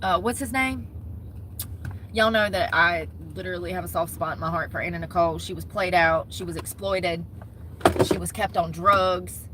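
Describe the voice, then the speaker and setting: A young woman, chatting casually to camera as a vlogger, gossipy and animated. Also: on the low side, normal speed, background noise. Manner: chatty, gossipy, talks with her hands in words like "y'all" and "homegirl".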